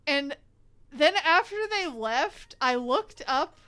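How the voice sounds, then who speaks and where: A young woman with a bright, slightly high voice talks casually while drawing on a stream. She rambles, swears freely and laughs often. Faint music plays behind her. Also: animated, slow. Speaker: art streamer.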